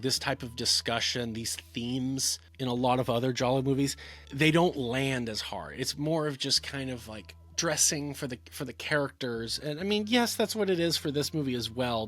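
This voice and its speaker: A man's voice: medium pitch, fairly bright tone. A man giving a casual talking-head film review, rambling, with many fillers and restarts.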